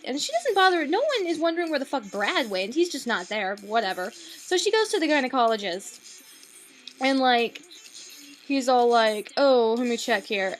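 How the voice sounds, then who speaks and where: A young woman delivers a loose, sarcastic film review from home late at night, her voice sitting a little high and leaping up and down as she goes. She swears freely and pads her talk with fillers, and a faint hiss sits underneath. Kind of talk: casual rambling film review.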